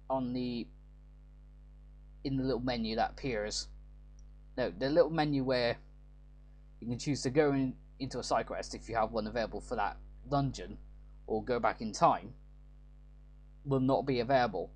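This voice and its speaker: Let's play host, man, loose rambling commentary, fixes his words as he goes. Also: mid-range voice. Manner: rambling, self-correcting. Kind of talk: casual gameplay commentary.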